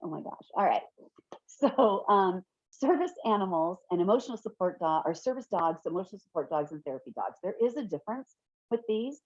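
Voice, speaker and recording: A woman's voice: medium pitch, lively intonation, fairly quick, no room sound. Chatty woman trainer on dull webinar audio. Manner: chatty, laughs often, self-correcting. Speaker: fair housing trainer. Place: home office.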